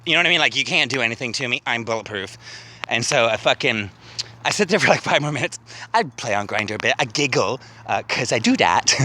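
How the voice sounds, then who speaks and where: A man's voice: medium pitch, sharp tone, a little hiss or hum. A man walking outdoors and vlogging into a handheld phone, rambling, emotional and swearing a lot. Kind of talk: rambling walk-and-talk vlog. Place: outdoors walking past a city cemetery.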